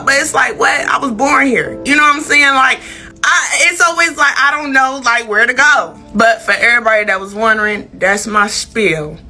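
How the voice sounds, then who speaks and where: A woman's voice: on the high side, normal speed, sharp tone, faint music behind. A young woman from Georgia with a Southern country accent, telling her story candidly to camera in a casual, profane drawl.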